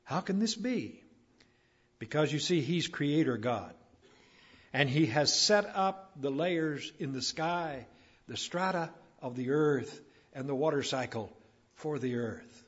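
A man preaching a sermon, building to emphatic peaks and then dropping low. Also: animated, takes it slowly, breathy edge. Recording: dull lo-fi recording.

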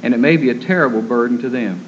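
A man preaching a sermon in an earnest, gentle storytelling manner. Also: mid-range voice, fast talker, a little hiss or hum. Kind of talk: sermon on caring for the terminally ill. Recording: dull lo-fi recording.

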